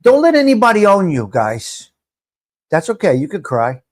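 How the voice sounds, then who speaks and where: A middle-aged man hosts a live chat stream in a fairly high voice. He jokes around and talks straight to his viewers in a loose, chatty way. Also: huge pitch swings, normal speed. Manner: joking, chatty, addresses viewers directly.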